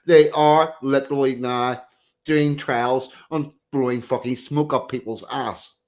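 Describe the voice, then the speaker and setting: Deadpan man reading odd news. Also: mid-range voice, a little slow. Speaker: stream co-host. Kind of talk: casual chat, reading news aloud.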